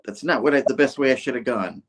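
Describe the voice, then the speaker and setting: A man's voice: medium pitch, fast, lightly acted. A man voicing a proud, menacing tycoon villain who speaks in a formal, lordly way while retelling a comic. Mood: solemn. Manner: formal, lordly delivery that flares into fury.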